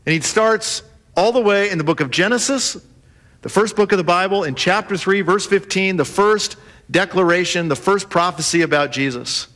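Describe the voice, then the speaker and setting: Animated high-voiced male preacher. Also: moderate pace. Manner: animated, acts out quoted voices. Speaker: pastor. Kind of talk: sermon.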